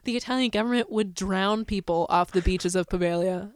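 A young woman hosts a casual podcast, spinning a haunted-island tale with lots of laughter. Her voice is smooth and resonant, at a middle pitch. The sound is dry and close. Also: brisk, no echo. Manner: giggly, animated storyteller. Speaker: podcast co-host. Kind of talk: casual storytelling chat.

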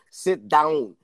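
A man's voice: on the high side, fairly bright tone, no room sound, studio quality. A man co-hosting a casual talk show, teasing and laughing a lot. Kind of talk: casual chat.

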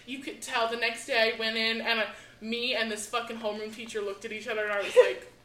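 Young woman, high pitch, crisp bright tone, swears constantly, animated storytelling, echoey room. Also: fast, slight background noise. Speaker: podcast co-host. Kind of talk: casual chat, storytelling.

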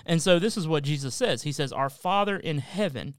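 Earnest man with a smooth voice. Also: fairly high pitch, animated, a little fast, dry recording. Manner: earnest, explains with everyday examples. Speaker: podcast co-host. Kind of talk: casual Bible study discussion.

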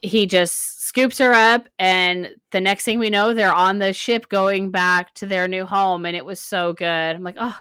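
A woman recapping a novel in a casual book chat, animated and laughing often. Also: mid-range voice, unhurried, hardly any pauses, smooth, dry recording, studio quality. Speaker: book podcast co-host.

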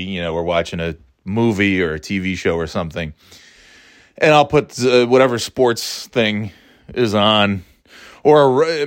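A middle-aged man hosting a podcast, rambling in casual chat, swearing and mocking himself. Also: lowish voice. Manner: rambling, profane, self-mocking. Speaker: podcast host.

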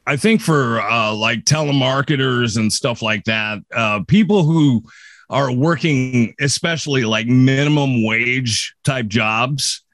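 A man's voice: medium pitch, takes it slowly, a bit bright, no echo. Chill podcast guy talking it through, lots of uhs, dry mic. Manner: laid-back, gives advice with filler words. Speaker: podcast co-host. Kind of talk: casual chat.

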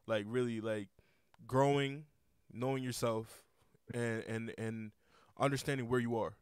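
Young guy podcast host, smooth voice, rambles and repeats himself, swears a lot, dry close mic. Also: medium pitch, fairly even intonation, unhurried, no echo. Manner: rambling, repeats words, curses freely. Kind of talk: casual podcast chat.

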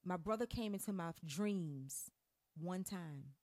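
A woman's voice: lowish voice, takes it slowly. A woman in her forties hosting a podcast, telling stories in casual, profane chat. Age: 40s. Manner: profane, storytelling, animated. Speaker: podcast host.

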